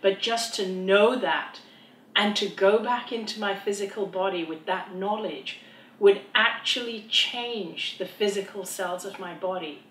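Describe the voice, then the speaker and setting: A woman, an author, answering an interview question in a slow, earnest, awed way. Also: medium pitch, fairly bright tone. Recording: roomy echo.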